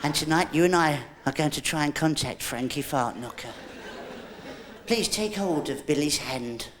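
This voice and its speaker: A male comedian doing live stand-up with an audience volunteer, teasing her with cheeky innuendo and squeaky, shrieking rises. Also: moderate pace. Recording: loud hiss on an old VHS tape recording.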